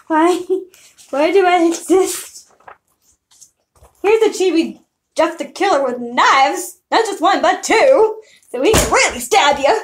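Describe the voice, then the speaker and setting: A woman's voice: extremely high pitch, expressive, slow, long pauses, a little hiss or hum. A young woman on a casual live stream, talking through her old drawings in a giggly, self-mocking ramble.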